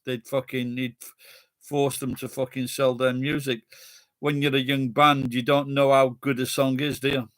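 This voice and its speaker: A man's voice: medium pitch, fairly bright tone, no echo, clean studio sound. A middle-aged man with a Sheffield accent, rambling in casual chat with friends and swearing bluntly. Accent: Sheffield English. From Sheffield, England.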